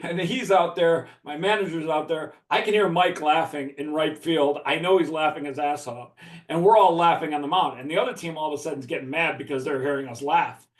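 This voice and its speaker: Recorded in an echoey space, a Chicago-area podcast guest laughs his way through a casual, profane story. He speaks on the high side and at a fairly quick clip.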